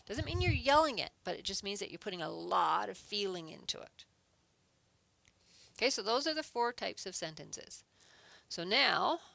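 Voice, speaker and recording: Woman, adult education teacher, patient step-by-step explaining, gravelly, low-pitched. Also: pushed and bright, dry recording. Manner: patient, explains step by step, reads example sentences aloud with emphasis. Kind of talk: online grammar lesson.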